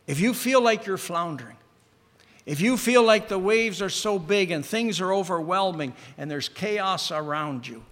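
A man preaching a sermon in an earnest way. He slows down to stress key words and often sinks to a hush. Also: sits high, expressive. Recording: reverberant hall.

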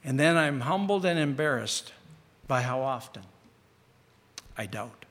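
A man delivers an earnest sermon in a high, clear voice. He slows down on key phrases and lets some lines fall almost to a hush. The sound rings with the long reverb of a large hall. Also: lively intonation. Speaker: preacher.

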